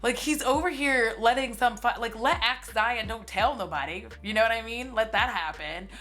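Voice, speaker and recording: With faint music in the background, a woman in her forties delivers a casual, sarcastic movie recap as a commentary streamer. Her voice is fairly high, a bit bright, and moderately paced; she's chatty, says "like" a lot, and swears freely.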